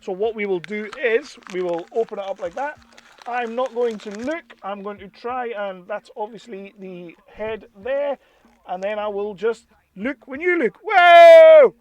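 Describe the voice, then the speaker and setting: An English man chatting casually and excitedly as he unboxes and reviews toys. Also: high-pitched, moderate pace. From England. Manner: chatty and enthusiastic, with bursts of excitement. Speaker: toy reviewer.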